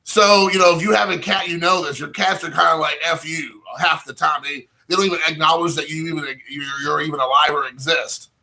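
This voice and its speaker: Rambling man telling a story, bright voice. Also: on the high side, fairly even intonation, a little fast, creaky, few pauses. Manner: rambling, heavy use of "like" fillers, quoting himself and others. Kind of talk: casual anecdote storytelling.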